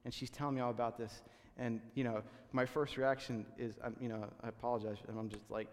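A man's voice: medium pitch, level tone, a little fast, in a large hall. A man preaching a sermon as a pastor, conversational and full of restarts, acting out the people he quotes.

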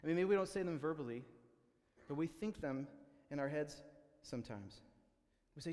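A man preaching a sermon in a loose, conversational way, with many fillers and restarts, sometimes building to excited exclamations. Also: a little high, normal speed, long reverb tail. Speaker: pastor.

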